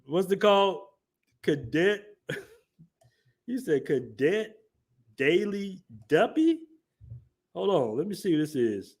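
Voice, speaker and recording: His voice sits high with a darkish tone and big pitch swings, delivered slowly with long pauses. He's a man running a casual livestream, reading chat messages aloud and laughing as he goes.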